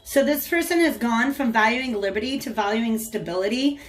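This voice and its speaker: A woman's voice: a little high, moderate pace, soft background music. A woman giving a casual tarot reading, chatting to viewers and talking to the cards as she goes. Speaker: tarot reader.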